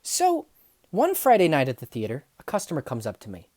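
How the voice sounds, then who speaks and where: A young woman telling funny workplace stories, acting out the people in them and swinging from hushed asides to loud outbursts. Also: deep voice, fairly quick, no room sound, studio quality. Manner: animated, acts out dialogue, swings from hushed to yelling. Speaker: storyteller. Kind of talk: comedic storytelling vlog.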